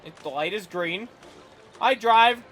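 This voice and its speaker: A man's voice: sits high, unhurried, a bit bright. A man chatting casually while playing a game, jokey and playful as he tells stories. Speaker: co-host. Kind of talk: casual gaming chat.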